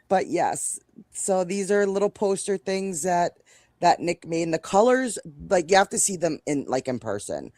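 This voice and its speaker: A woman's voice: fairly low pitch, very animated, measured pace, pauses often, mellow, no echo. Chatty New York woman, dry close sound. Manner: chatty, rambling, self-interrupting. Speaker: co-host. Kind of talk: casual live-stream chat.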